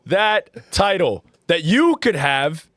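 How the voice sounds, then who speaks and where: Animated man in casual podcast banter. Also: high-pitched, takes it slowly, no room sound. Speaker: podcast co-host. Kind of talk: casual sports podcast chat.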